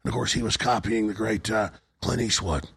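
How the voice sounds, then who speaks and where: Hoarse male talk show host, gravelly and raspy, pushy on-air sales pitch. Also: fairly even intonation, a little fast, a bit bright. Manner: urgent, repetitive sales pitch. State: hoarse, voice nearly gone. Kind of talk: on-air fundraising and product pitch.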